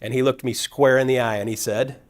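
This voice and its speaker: Middle-aged male speaker, mid-range voice, casual and energetic storyteller who acts out the people he quotes. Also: mid-range voice, brisk. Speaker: guest speaker at a real estate event. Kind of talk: personal storytelling talk.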